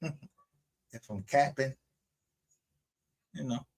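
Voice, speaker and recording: A man's voice: medium pitch, extremely slow, husky. A man hosting his own livestream show, ranting in a heated, profane and confrontational way. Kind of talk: unscripted livestream rant.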